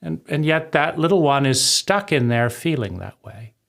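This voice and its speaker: A man's voice: fairly high pitch, animated, moderate pace, creaky, a bit bright. A man speaking in a raw, intense personal monologue, often swearing and asking "right?" after his points. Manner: occasional swearing. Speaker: video essayist.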